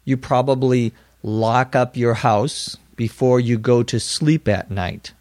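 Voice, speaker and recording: A man's voice: mid-range voice, slow, darkish tone, no room sound, clean studio sound. A middle-aged man teaching English vocabulary, explaining each word plainly and sometimes spelling words out. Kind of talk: slow, clear vocabulary lesson for learners.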